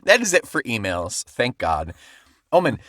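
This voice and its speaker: Laughing male podcast host, lively. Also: medium pitch, unhurried, no room sound, clean studio sound. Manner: reads listener emails, laughs often. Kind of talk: casual chat.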